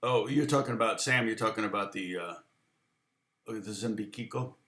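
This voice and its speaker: A man's voice: fairly low pitch, moderate pace, pushed and bright. A man teaching guitar on a live stream, answering viewer questions, thinking aloud with a rambling manner and counting and scatting rhythms. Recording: roomy echo.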